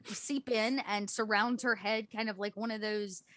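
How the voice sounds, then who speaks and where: A woman game master narrating a tabletop game, explaining rules and describing scenes in a loose, casual way full of fillers. Her voice sits at an ordinary pitch and sounds dry and close. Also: fairly even intonation, normal speed, sharp tone, dry recording.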